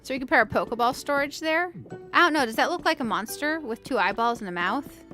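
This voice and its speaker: Chatty higher-voiced woman playing a game. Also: lively intonation, quick pace, pushed and bright, soft background music. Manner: chatty, thinking aloud, addresses viewers directly; playful and self-mocking. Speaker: gaming channel host. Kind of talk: casual let's-play commentary.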